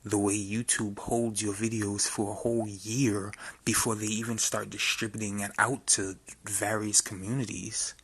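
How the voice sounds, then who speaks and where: Man ranting on a vlog, low voice, husky, forceful tone, preachy and confrontational. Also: level tone, normal speed, few pauses, dry recording. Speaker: vlogger. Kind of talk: ranting monologue.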